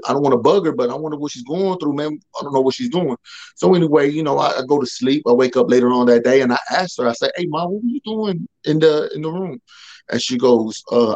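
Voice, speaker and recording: A man who talks loud by nature, a podcast guest telling a personal testimony in casual slang and acting out the dialogue. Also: medium pitch, low-quality recording. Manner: loud, animated, acts out quoted dialogue.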